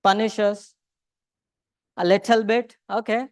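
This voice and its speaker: Smooth-voiced woman teacher. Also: mid-range voice, fairly even intonation, a little slow, a little mellow, dry recording, clean studio sound. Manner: questioning the audience, mixing in Hindi phrases. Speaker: religious teacher. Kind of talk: interactive lecture to a class. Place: temple lecture room.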